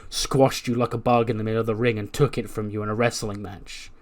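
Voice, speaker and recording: A man's voice: on the low side, flat delivery, fairly quick, close to an everyday voice. A man doing a big, dismissive male champion. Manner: dry, cutting.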